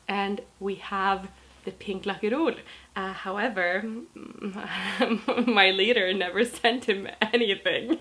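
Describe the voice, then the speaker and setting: A young woman with a Norwegian accent talks to camera in her twenties, chatty and animated. She fills her story with "like"s and keeps a middle pitch. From Norway. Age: 20s. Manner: chatty, animated, laughs often, many "like"s. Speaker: vlogger.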